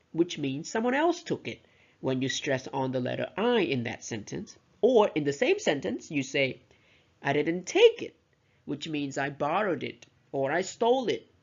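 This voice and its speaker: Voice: medium pitch, gravelly, muffled recording. A teacher giving a recorded lesson, explaining carefully and modelling example words aloud. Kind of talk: recorded lecture explaining pronunciation.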